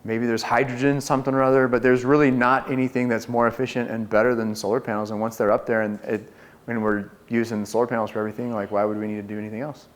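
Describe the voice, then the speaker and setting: A man coaching a group on door-to-door solar sales, talking with energy and confidence and acting out his pitches. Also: level tone, fast. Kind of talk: sales training talk to a group.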